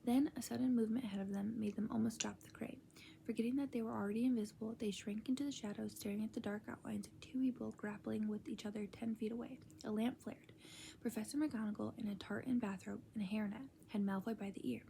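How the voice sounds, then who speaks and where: Soft ASMR storyteller, woman, unvoiced whisper, slightly raised pitch. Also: steady tone, fast talker, gravelly, a little hiss or hum.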